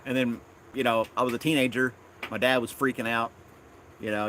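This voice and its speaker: Out in his backyard, a man from Tennessee runs a relaxed live stream, rambling along and chuckling frequently. He speaks a little fast in a medium-pitched, fairly bright voice with fairly even intonation, over slight background noise.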